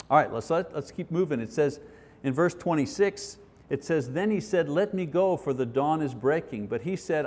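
A middle-aged Bible teacher leads a study lesson, talking earnestly and conversationally and reading scripture aloud. His mid-range voice has a darkish tone, and the hall gives it a long reverb.

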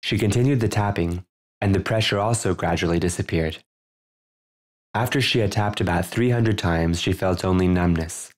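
A man with a deep, low voice narrates his own book in audiobook style. He tells his first-person story in a measured, earnest way.

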